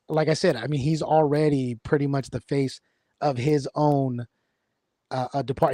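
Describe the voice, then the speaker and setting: A man's voice: medium pitch, darkish tone, dry recording, clean studio sound. A man hosting a casual sports talk show, rambling with lots of fillers and restarts. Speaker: podcast host.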